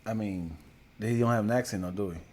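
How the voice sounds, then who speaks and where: A man's voice: on the low side, a little fast, a little mellow. A man co-hosting a podcast, teasing his partner in slangy, laughing banter. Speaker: podcast co-host. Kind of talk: casual chat.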